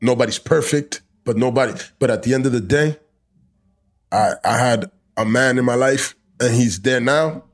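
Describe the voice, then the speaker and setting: A man's voice: mid-range voice, moderate pace. A young man hosting a podcast outdoors, talking loosely in slang and swearing, sometimes ranting. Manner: loose, profane, animated rants with slang. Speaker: podcast host. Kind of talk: casual chat. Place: outdoors in the cold.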